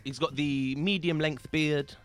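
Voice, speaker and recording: A man's voice: on the high side, fairly even intonation, measured pace, faint music behind. A man hosting a comedy podcast in a studio, playful and teasing as he introduces guests. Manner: playful, teasing, fond of doing voices. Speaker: podcast host.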